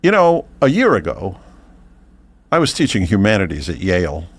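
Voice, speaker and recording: A man's voice: low-pitched, huge pitch swings, normal speed, breathy edge, no echo, exaggerated voice. A man voicing a talking male dog, a worldly former professor who rambles wryly and chuckles often.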